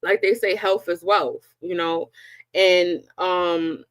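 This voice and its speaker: A middle-aged woman hosting a casual live chat, talking slowly with many fillers. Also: lowish voice, steady tone, no echo. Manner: slow, drawn-out talk with frequent fillers. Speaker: live stream host.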